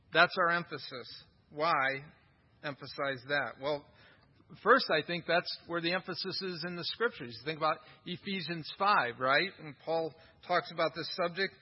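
A man's voice: a little high, normal speed, husky, highs cut off. A male pastor preaching a sermon in an emphatic style, with rhetorical questions and repetition.

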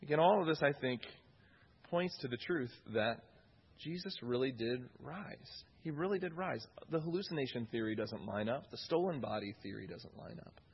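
A man's voice: medium pitch, expressive, moderate pace, breathy edge, lo-fi sound. A man preaching a sermon in an earnest way, often repeating key phrases for emphasis.

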